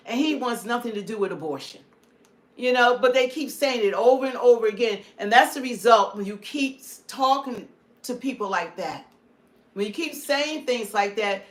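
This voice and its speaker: Lady ranting on her livestream, kinda high voice, hammers the same point over and over. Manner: emphatic, repetitive, preachy. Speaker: livestream host. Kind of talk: political commentary livestream.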